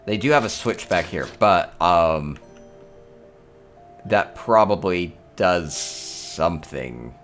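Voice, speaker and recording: A man's voice: sits low, lively intonation, takes it slowly, fairly bright tone, soft background music. A man hosting a casual tour of player homes in a game, chatting upbeat and thinking aloud with small chuckles. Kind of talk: casual gameplay commentary.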